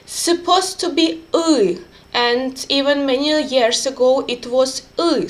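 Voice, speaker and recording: Woman, language teacher, high voice, slow careful delivery, repeats example words. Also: expressive.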